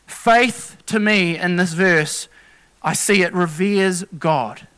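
An earnest male preacher with a high, bright, ringing voice. He talks through scripture in a plain, personal way, stumbling and restarting mid-phrase as he explains each point. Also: smooth. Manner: earnest, halting with restarts and self-corrections. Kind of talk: sermon.

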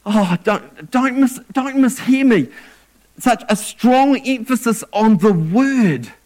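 A man's voice: extremely high pitch, animated, slow pace, a little mellow. A man preaching a sermon in an earnest way, often stumbling and repeating words as he restarts.

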